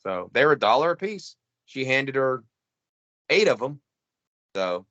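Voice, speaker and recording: A man's voice: medium pitch, sing-song, unhurried, a bit bright, no echo, highs cut off. A middle-aged man chatting casually as a show host, telling a story in loose rambling bursts with plenty of restarts. His voice sounds dry and close, with no room around it. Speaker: podcast co-host. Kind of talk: casual chat.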